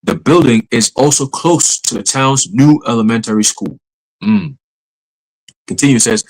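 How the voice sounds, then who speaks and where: A man's voice: mid-range voice, poor audio. A man hosting a podcast, reading a news article aloud and adding casual, cursing asides, often stumbling and rereading words. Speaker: podcast host.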